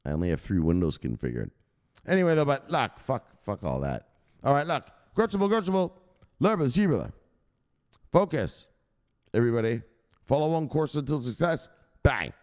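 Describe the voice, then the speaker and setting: A man hosting a crypto news show as a casual livestream, hyped and profane, shouting out viewers. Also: medium pitch, huge pitch swings, normal speed, long pauses. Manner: talks straight to viewers, gives shout-outs. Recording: echoey room with long reverb.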